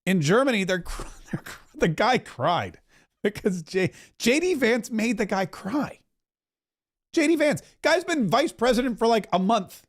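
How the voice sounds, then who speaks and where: A man's voice: high voice, sing-song. A man hosting opinionated political commentary, sarcastic and mocking, speeding up and then drawing words out. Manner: sarcastic, mocking, pace swings between rushed and drawn out.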